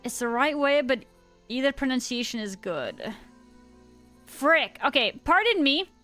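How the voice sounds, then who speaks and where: A woman's voice: high-pitched, sing-song, moderate pace, fairly bright tone, soft background music. A woman in her thirties, a little tipsy, chatting playfully with her viewers while livestreaming a game, giggling often. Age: 30s. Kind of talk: casual gaming livestream chat.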